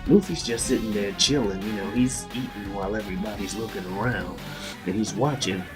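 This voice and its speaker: A man's voice: on the low side, a little fast, over music. Man recapping a story, casual and profane. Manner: casual, slangy, profane, animated. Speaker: recap host.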